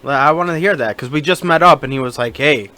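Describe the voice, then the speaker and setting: A young man co-hosting a relaxed podcast and asking his friend questions. His voice is bright and a little high for a man. He keeps the back-and-forth loose and easy. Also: fast talker, poor audio. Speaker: podcast co-host. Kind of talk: casual chat.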